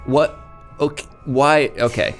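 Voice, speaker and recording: A woman hosting an improv comedy scene, questioning her guests with a skeptical, deadpan manner. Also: extremely low pitch, slow, soft background music. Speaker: host.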